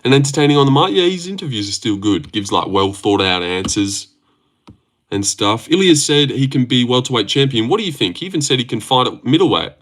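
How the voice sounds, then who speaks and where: A man's voice: mid-range voice, big pitch swings, brisk, fairly bright tone. A young man hosting a casual livestream, reading chat aloud and joking around with plenty of swearing. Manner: sweary, joking, laughs often.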